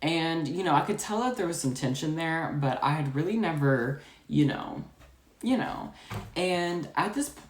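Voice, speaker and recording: A woman telling a customer-service story in a chatty, rapid, animated way, full of filler words. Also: deep voice. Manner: chatty, full of "like" and "you know". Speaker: storytime vlogger. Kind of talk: casual storytelling. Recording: echoey room.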